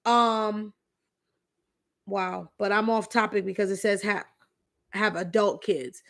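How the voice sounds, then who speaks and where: A woman's voice: mid-range voice, steady tone, slow pace, gravelly, a bit bright. A woman, hosting a live question-and-answer stream and telling candid stories with emphatic repeats. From the Bronx, New York City. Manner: chatty, candid, tells anecdotes with emphatic repeats. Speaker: host. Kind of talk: live Q&A chat with storytelling.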